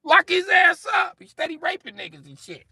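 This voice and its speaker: A man voicing an outraged male villain in a shrill, high, yelling voice, loud and indignant. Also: sing-song, moderate pace, full character voice.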